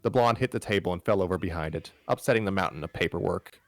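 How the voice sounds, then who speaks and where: A man's voice: low voice, fast, no room sound. A man hosting a live stream, reading a fan story aloud with frequent stumbles, restarts and wry asides.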